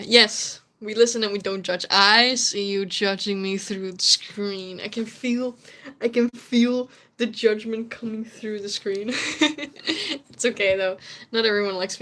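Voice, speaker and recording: A woman's voice: mid-range voice, fairly bright tone. Young woman, from the Netherlands, native Dutch speaker, casual streamer chat, chatty, giggly, gropes for words. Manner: chatty, laughs often, searches for English words.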